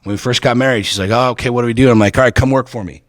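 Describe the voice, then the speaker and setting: On a podcast, a man races through blunt personal stories, cursing a lot and repeating words. His medium-pitched voice keeps a steady tone. The audio is clean studio sound with no room sound.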